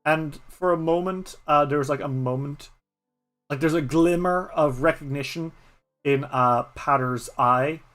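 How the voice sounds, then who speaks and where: A man's voice: a little high, unhurried, a bit bright, faint music behind. A man with an Irish accent narrating a solo tabletop game as game master in a rambling way, with many fillers.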